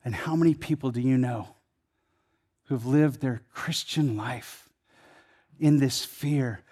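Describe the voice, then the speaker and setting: A man preaching a sermon in a conversational way, building to emphatic peaks and then dropping low. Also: slow, warm tone, breathy edge. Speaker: pastor.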